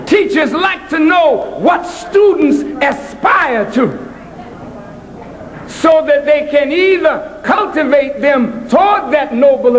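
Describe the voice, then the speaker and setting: A man from Boston giving an impassioned public address at a college, emphatic and preacherly, rising to shouts. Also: very high voice, big-room sound, low-quality recording. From Boston, United States. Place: college auditorium.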